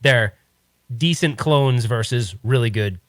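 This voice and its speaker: A man's voice: mid-range voice, slow, dry recording, clean studio sound. A man hosting a podcast, talking in a rambling, opinionated, casual way. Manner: rambling, opinionated, many restarts. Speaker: podcast host. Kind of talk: casual chat.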